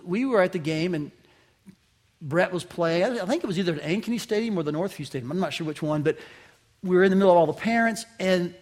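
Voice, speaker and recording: A man with a high voice preaches a sermon, carrying a faint Southern accent from his upbringing in the Southeast. He is middle-aged and tells animated stories with self-mocking humor. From Southeastern United States. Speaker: pastor.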